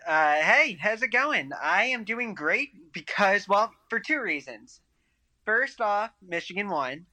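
A man guesting on a casual podcast chat, rambling in a relaxed way. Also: high voice, slow pace. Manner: rambling, many fillers and restarts, relaxed. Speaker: podcast guest, tennis writer.

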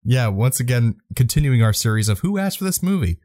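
A man's voice: medium pitch, big pitch swings, a little fast, warm tone, dry recording, clean studio sound. A man co-hosting a casual podcast, laughing often and blurting out swears. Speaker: podcast co-host.

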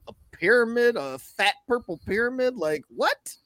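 A man co-hosting a podcast in casual chat, animated and laughing often as he tells stories. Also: very high voice, normal speed, no room sound. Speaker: podcast co-host.

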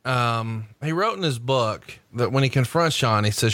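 Bright-voiced male podcast host, storytelling. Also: mid-range voice, animated, moderate pace, no echo. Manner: profane, storytelling. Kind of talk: casual chat, reading book excerpts.

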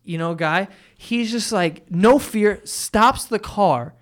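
A young man with a high voice hosts a casual podcast chat. He tells loose, profane stories and acts out the people in them with lively energy. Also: slow pace. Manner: loose storytelling, profane, animated retellings. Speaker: podcast host.

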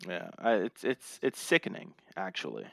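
A man co-hosting a casual podcast, talking in an animated, ranting way with playful self-hype. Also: low voice, moderate pace, vocal fry, dry recording. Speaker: podcast co-host. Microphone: remote podcast mic.

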